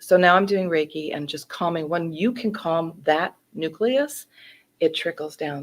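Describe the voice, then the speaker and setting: A woman guest chatting about her healing work, lively and upbeat, acting out the people in her stories. Her voice sits fairly low and her delivery swings between bursts of excitement and calmer stretches. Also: fairly quick, gravelly, husky. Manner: energetic, animated storytelling with acted-out quotes. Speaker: Reiki practitioner, wellness center guest. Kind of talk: casual interview chat.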